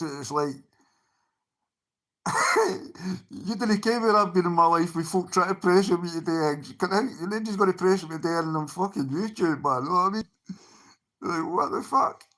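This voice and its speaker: A man's voice: high-pitched, normal speed, vocal fry, sharp tone. Sweary Scottish man talking to chat. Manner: sweary, blunt, talks straight to chat. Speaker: livestreamer. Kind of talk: casual livestream chat.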